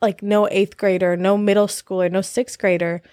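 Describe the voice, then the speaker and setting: A woman's voice: mid-range voice, level tone, normal speed, darkish tone, dry recording. Candid young woman, dry sound. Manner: candid, laughing often, many fillers. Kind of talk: casual chat.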